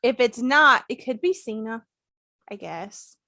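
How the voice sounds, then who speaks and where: A woman's voice: a little high, lively intonation, measured pace, pushed and bright, dry recording, clean studio sound. Laid-back woman co-hosting a podcast. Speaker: podcast co-host. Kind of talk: casual wrestling podcast chat.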